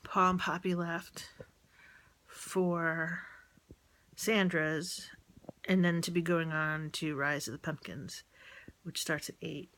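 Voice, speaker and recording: A woman rambling and venting in a personal audio diary, often halting and trailing off mid-thought. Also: sits low, steady tone, a bit bright, slight background noise. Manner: venting about a relative.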